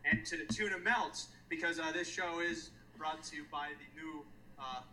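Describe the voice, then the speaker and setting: A man's voice: on the high side, pushed and bright, far from the mic, slight background noise, low-quality recording. A man hosting a handicapping show, calling a harness race replay and then joking around in casual chat. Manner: joking, self-mocking, quick asides.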